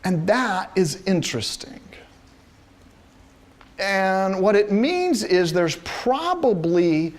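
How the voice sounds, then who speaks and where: A man's voice: sits high, takes it slowly, pauses often. A middle-aged man giving a classroom lecture, telling personal stories and acting out the voices in them with frequent laughter. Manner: animated storyteller, acts out quoted voices, laughs often. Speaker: university lecturer.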